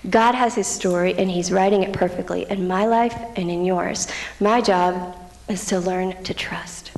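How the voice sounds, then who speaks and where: A young woman gives a heartfelt testimony to a church gathering, candid and quick to laugh at herself. Her voice carries a gravelly fry. The sound rings with the long reverb of a large hall. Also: medium pitch, a little mellow. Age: young adult. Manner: candid, self-mocking, laughs often. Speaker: missionary speaker. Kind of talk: personal testimony talk.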